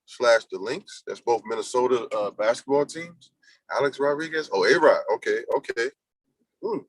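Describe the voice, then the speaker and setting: A man's voice: mid-range voice, moderate pace, slightly rough, dry recording, rough recording. A man hosting a casual livestream, rambling loosely and talking to his chat and to himself. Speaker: livestream host.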